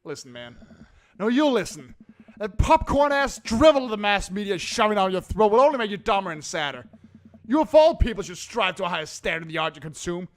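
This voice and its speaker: A man doing a boozy, loud-mouthed film snob of a dad, slurring his words and ranting at the top of a high voice. The pitch leaps and swoops as he lectures, sharp and animated throughout. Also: brisk. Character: brash drunk middle-aged male film buff.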